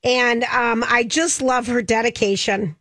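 A woman with a Minnesota accent co-hosting a casual radio show, chatty and quick to laugh. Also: a little high, no room sound. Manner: chatty, laughs easily, excitable. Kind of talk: casual morning radio chat.

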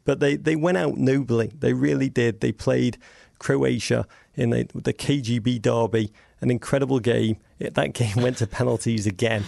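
A man with an English accent, a podcast guest, talking in a casual chat as an animated storyteller who often restarts his sentences. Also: medium pitch, normal speed, vocal fry, dry recording.

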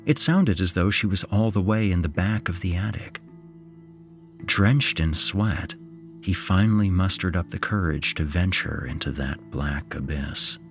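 A man narrating a horror story in a slow, suspenseful way. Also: low-pitched, animated, music in the background.

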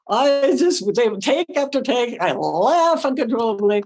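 An older actress as a guest, telling a story in a casual, animated way, acting out her own quotes and laughing often. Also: fairly high pitch, moderate pace, hardly any pauses, a little hiss or hum.

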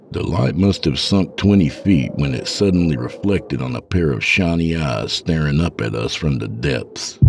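A man narrating a first-person horror story in a measured, descriptive way. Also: extremely low pitch, a little mellow.

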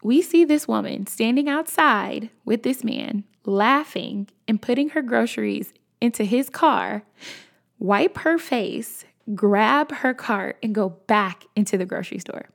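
A woman's voice: on the high side, animated, measured pace, gravelly. A young woman telling a personal story in a chatty, casual way, talking straight to her viewers. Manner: chatty, addresses viewers as y'all. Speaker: storyteller vlogger.

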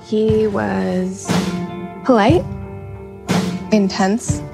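An actress playing a shy young female student interviewer in film trailer dialogue, hesitant and soft-spoken, with music behind. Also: medium pitch, steady tone, very slow, gravelly. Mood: timid.

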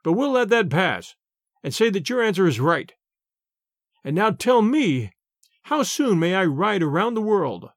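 A man's voice: high-pitched, very animated, measured pace, dry recording, clean studio sound. A man voicing a proud, angry medieval king who scolds and commands. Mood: mocking. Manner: imperious, scolding. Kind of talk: storybook character voice.

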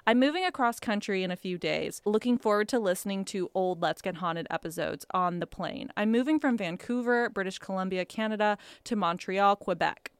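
A woman's voice: mid-range voice, normal speed, hardly any pauses, clear, resonant tone, dry recording. A woman co-hosting a podcast, reading a listener letter aloud and making playful, wry remarks along the way. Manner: playful and wry, comments on the letter as she reads. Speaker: podcast co-host. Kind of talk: casual chat and reading listener mail.

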